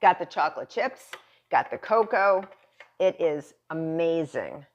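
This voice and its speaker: A woman's voice: low-pitched, expressive, unhurried, dull audio, slight background noise. A middle-aged woman chef giving a cooking demonstration, chatty and reassuring, often repeating words for emphasis.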